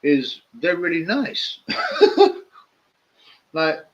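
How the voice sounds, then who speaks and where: A man with rambles through stories on his livestream, his pitch swinging widely as he laughs and mimics people. He talks at an unhurried pace, and the stream audio sounds dull and lo-fi. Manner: laughs often, lively storytelling with mimicked voices. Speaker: livestream host. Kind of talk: casual rambling storytelling.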